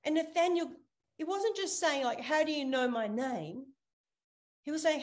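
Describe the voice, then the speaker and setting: A woman pastor preaches over a video call, bringing a Bible story to life. She acts out the characters' lines in a voice pitched slightly high. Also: normal speed. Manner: animated storytelling, acting out the characters' words. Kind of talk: sermon retelling a Bible story. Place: online church service over video call.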